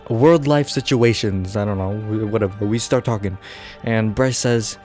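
This podcast host's voice is lowish and a bit dark, moving at a moderate pace with faint music underneath. He improvises a goofy story, wandering off track, cutting himself off, and cracking up at his own jokes.

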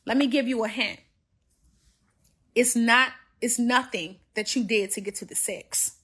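A woman host giving a motivational talk on a livestream, her voice bright and a little high. She preaches at her listeners and keeps repeating herself to drive each point home. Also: unhurried, slightly rough. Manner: preachy, repetitive, addresses listeners directly.

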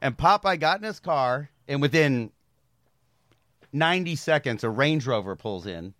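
A man's voice: medium pitch, animated, a little slow, fairly bright tone, dry recording, studio quality. A man, a visiting podcast host, eagerly cutting in to retell a story in casual profane chat.

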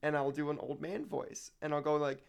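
Gravelly man teacher telling stories. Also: fairly high pitch, fairly quick. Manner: animated storyteller, laughs along. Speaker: teacher and podcast co-host. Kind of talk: casual storytelling.

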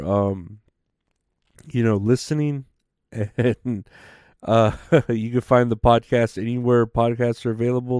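A man riffs loosely on a comedy podcast, cursing and trailing off with fillers. His voice is smooth and clear. It sounds dry and close, with no room echo. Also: mid-range voice, darkish tone. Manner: rambling, profane, full of fillers. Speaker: podcast host. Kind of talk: casual comedy podcast monologue.

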